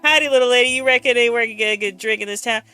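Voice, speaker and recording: A swaggering cowboy, put on by a woman streamer, saunters up with a folksy drawl. The voice is bright and punchy, with faint game music underneath. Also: a little high, rapid-fire, clean tone, no room sound. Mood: flirty. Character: swaggering Southern cowboy man.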